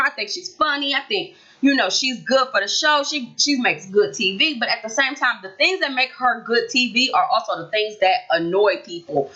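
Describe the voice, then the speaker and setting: Sassy, bright-voiced woman vlogger. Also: fairly high pitch, highs cut off. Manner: animated, sassy, talks straight to viewers. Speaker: reality TV recap vlogger. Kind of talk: casual opinionated recap.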